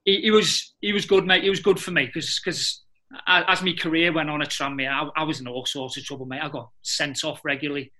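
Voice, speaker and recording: A middle-aged man, a former footballer telling lively anecdotes in a casual interview and often laughing. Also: on the high side, a little fast. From England.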